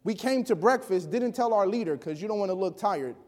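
A man preaching a sermon, telling a personal story with animated delivery that swings between hushed and loud. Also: high voice, brisk. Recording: long hall reverb.

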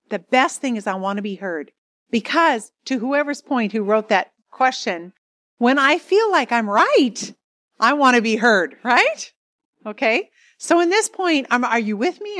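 Woman telling a lively marriage story. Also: a little high, no echo, studio quality. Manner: animated, dramatic storytelling with laughs. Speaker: marriage seminar speaker. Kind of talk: storytelling talk to an audience.

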